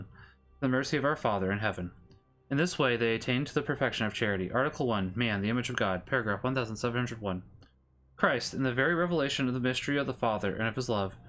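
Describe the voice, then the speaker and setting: A man streaming a game, thinking aloud in a relaxed way and reading passages aloud plainly. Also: mid-range voice. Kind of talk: casual gameplay commentary and prayer reading.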